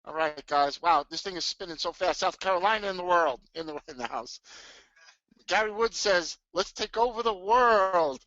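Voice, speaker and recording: A middle-aged man with a high, bright voice hosts a live webinar, hyped and tumbling over his own restarts. The sound is dry and close, caught on a dull, lo-fi webcam mic. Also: normal speed, no room sound. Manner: excitable, hyped, many restarts. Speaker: trading webinar host.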